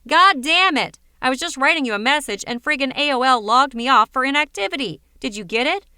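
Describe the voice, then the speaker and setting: A woman's voice: high-pitched, expressive, fast talker, sharp tone, smooth, no echo, clean studio sound. A woman voicing a big, cynical, hot-tempered man who rants indignantly. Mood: angry. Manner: ranting, indignant.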